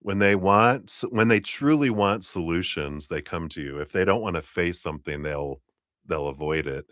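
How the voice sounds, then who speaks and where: A man with a low voice reads tarot on a livestream in a loose, chatty manner, full of fillers and quick laughs. His voice is close and dry, with no room around it. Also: no room sound. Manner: chatty, animated, laughs often, many fillers. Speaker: tarot reader. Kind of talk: live-streamed tarot reading.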